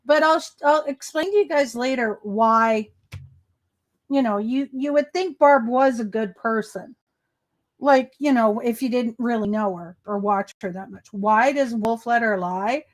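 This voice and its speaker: A woman hosting a laid-back reaction commentary with a high voice. She speaks slowly and loosely, swears freely and answers viewer comments as she goes. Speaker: commentary channel host.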